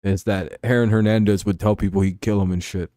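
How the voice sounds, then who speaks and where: A man's voice: fairly low pitch, steady tone, brisk, warm tone, no echo, clean studio sound. A man hosting a casual sports livestream, rambling through profane rants and reading chat. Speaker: sports show host.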